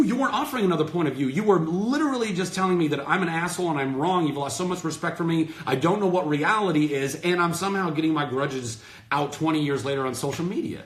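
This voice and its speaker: A man's voice: high voice, echoey room. A man in his thirties hosting his own livestream, ranting passionately to his followers and swearing freely. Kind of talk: heated off-the-cuff rant to followers. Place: indoors, talking to a phone livestream. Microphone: phone.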